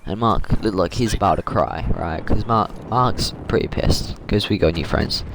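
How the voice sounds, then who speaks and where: A man's voice: low-pitched, moderate pace, vocal fry. A man host telling a story in a casual, rambling way while gaming, repeating words and saying dude a lot, on a noisy mic with clicks.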